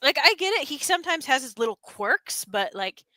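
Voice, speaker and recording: A woman hosts a laid-back stream, her voice on the higher side and sharply bright. She chats in a lively way, breaking into laughs and excited rants. The sound is dry and close. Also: normal speed, dry recording, low-quality recording. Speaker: streamer host. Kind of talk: casual chat.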